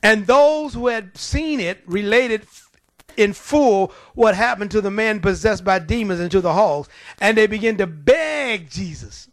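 Animated high-voiced male preacher. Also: no echo. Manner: animated, folksy, laughing at his own stories; reads scripture slowly and deliberately. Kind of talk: sermon.

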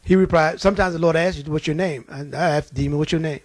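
A man's voice: a little high, fairly even intonation, quick pace, no room sound. A man preaching a sermon, often acting out the voices of demons and laughing at his own stories.

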